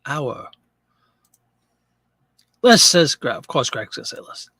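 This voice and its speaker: A man's voice: mid-range voice, sing-song, slow, pushed and bright, slightly rough, dry recording. A man hosting a live selling stream, chatting casually and joking as he reads viewer comments aloud.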